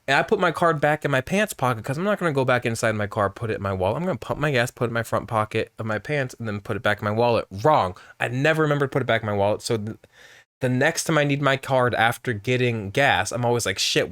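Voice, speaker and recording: A man's voice: mid-range voice, fast talker, no room sound, clean studio sound. A man casually commentating a video game, telling rambling, profane stories between scenes. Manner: rambling, profane, animated storytelling. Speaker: let's play gamer.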